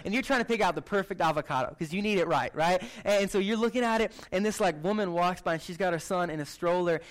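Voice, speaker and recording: A man preaching a sermon in a casual, conversational way, animated and chatty, often tagging lines with "right?". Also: sits high, quick pace, hardly any pauses. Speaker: pastor.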